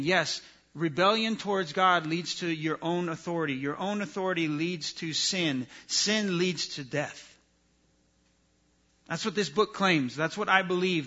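A man preaching a sermon, earnest and emphatic, his voice rising for stress and dropping low and quiet for weight. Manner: earnest, emphatic preaching that rises and drops in volume. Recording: dull lo-fi sound.

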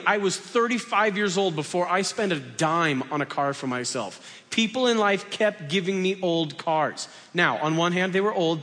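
A man's voice: high voice, fairly bright tone. A man preaching a sermon in a conversational, self-deprecating way, acting out little dialogues. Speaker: pastor. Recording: long hall reverb.

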